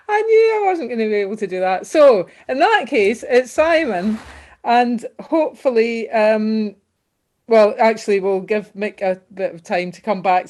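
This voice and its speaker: A woman's voice: fairly high pitch, darkish tone. A woman hosting an online music session, self-deprecating and laughing off a forgotten song. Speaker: session host. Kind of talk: casual hosting.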